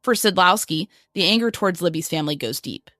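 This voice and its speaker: A young adult woman narrates a true-crime podcast from a script, keeping her delivery measured and even. Her voice sits a little low. The sound is dry and close, with no room in it. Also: dry recording. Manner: measured, reads quotes aloud flatly. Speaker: podcast co-host.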